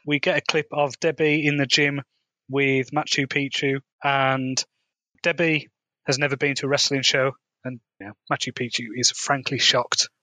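A man's voice: medium pitch, level tone, normal speed, sharp tone, no room sound. Chatty man recapping, dry close sound. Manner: laughs often, paraphrases dialogue loosely. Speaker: podcast co-host. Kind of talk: casual chat recapping a TV episode.

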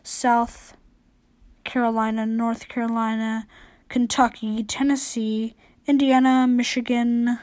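A woman with a somewhat high voice hosts a homemade news rundown. She reads through long lists in a casual, unpolished way and stops to correct her own slips. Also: flat delivery, slow, a little mellow. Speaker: news show host.

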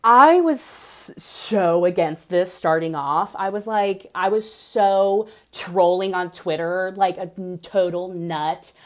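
A young woman chats through a reality TV recap in a loose, gossipy way. Her talk is animated and peppered with "like" as she dishes on every twist. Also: fairly low pitch, slow pace, few pauses. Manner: gossipy, animated, heavy use of "like".

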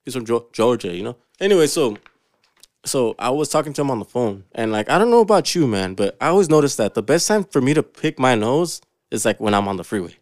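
A man's voice: medium pitch, lively intonation, fairly quick, dry recording, clean studio sound. A man co-hosting a podcast, telling stories in a laid-back, slangy way and swearing often. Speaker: podcast co-host. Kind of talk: casual chat.

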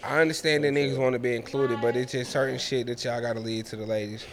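A young man with a voice of middling pitch, trading loud, teasing, profane banter as a podcast co-host. His talk is casual and quick to needle. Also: fairly even intonation, a crowd in the background. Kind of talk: casual chat.

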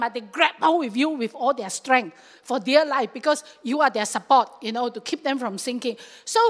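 A woman pastor preaches with lively, animated delivery, often dropping into little acted-out voices and local fillers. Her voice sits a bit high, and it rings with the long reverb of a large hall. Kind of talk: sermon.

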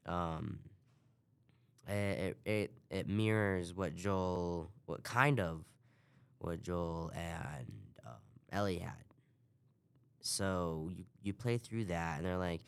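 Low-voiced man rambling through a game recap. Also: slow pace, pauses often, clean tone. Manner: rambling, swears casually. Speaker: podcast host. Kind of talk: casual video game recap.

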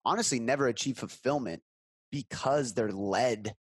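A man's voice: mid-range voice, normal speed, breathy edge, no echo. A man talking casually as a content creator on a podcast, earnest and reflective, with some swearing.

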